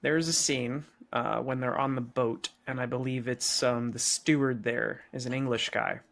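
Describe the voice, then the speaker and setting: A man's voice: medium pitch, steady tone, normal speed, fairly bright tone. A man co-hosting a casual movie podcast, chatty and joking, hedging his opinions. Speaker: podcast co-host. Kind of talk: casual chat.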